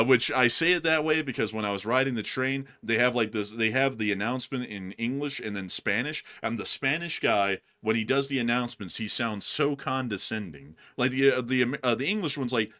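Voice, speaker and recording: A man's voice: medium pitch, fairly quick, few pauses, sharp tone. A young man hosting a casual chat show, rambling and joking, laughing often as he talks. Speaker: show host.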